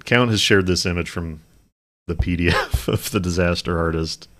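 A man's voice: deep voice, fairly even intonation, moderate pace, a bit bright. A man co-hosting a podcast, casually and animatedly discussing a movie with friends and laughing often. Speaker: podcast co-host.

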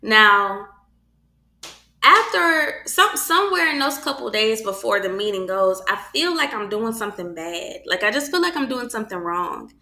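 A woman tells her own faith story in a relaxed, conversational way, lively and expressive as she slips into the voices of others. Her tone is bright and forward. The sound carries a noticeable room echo. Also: medium pitch, normal speed. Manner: animated, acts out quoted voices. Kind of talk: casual personal storytelling.

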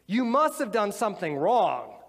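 A man's voice: sits high, wildly swooping pitch, moderate pace, fairly bright tone, in a large hall, pitched above the performer's own voice, exaggerated voice. A man voicing Job's friends, who lecture him that he must have sinned, in a preachy manner, in a live sermon. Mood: lecturing. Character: smug accusing male friends of Job.

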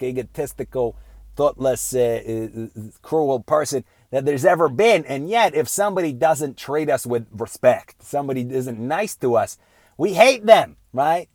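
A man's voice: medium pitch, darkish tone, no room sound, studio quality. A man giving an earnest, unscripted moral talk, piling up rhetorical questions, often checking in with "right?", and restarting his sentences with many fillers.

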